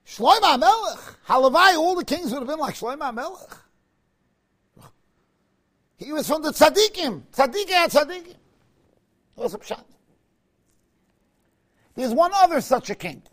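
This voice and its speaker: A man's voice: extremely high pitch, very animated, normal speed, long pauses, fairly bright tone. A man teaching a Talmud lecture, asking rhetorical questions and pressing points with sudden emphasis, weaving Hebrew and Aramaic terms into his English.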